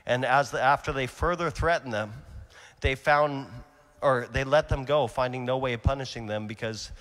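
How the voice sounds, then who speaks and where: A man preaching a sermon at a conference, telling stories with a voice that swings from quiet to shouting. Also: mid-range voice, normal speed, in a large hall.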